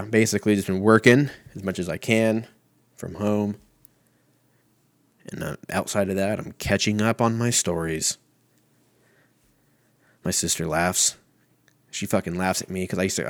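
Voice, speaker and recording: A man's voice: sits low, fairly even intonation, measured pace, pauses often, no echo, clean studio sound. A man in his thirties hosting a casual solo podcast from home, rambling and swearing with a self-mocking manner. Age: 30s. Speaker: podcast host.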